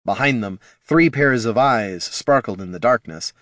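A man narrating a fantasy story in an expressive storytelling way. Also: medium pitch, measured pace, no echo, studio quality. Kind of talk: audiobook narration.

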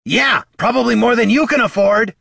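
A man's voice: extremely high pitch, normal speed, vocal fry, pushed and bright, husky, no echo, clean studio sound, pitched above the performer's own voice, heavily acted. A man voicing a snide male kobold with dyed fur, sneering and muttering.

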